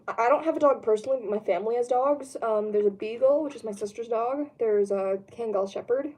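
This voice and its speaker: A woman's voice: fairly high pitch, slight background noise. A young woman talks casually from her room while answering a live chat. She rambles and fills gaps with lots of ums, now and then breaking into a laugh. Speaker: streamer. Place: home room.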